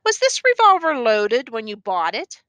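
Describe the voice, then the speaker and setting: Grave, probing judge, read by a woman; stern measured questions, bright high delivery. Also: huge pitch swings, dry recording, heavily acted.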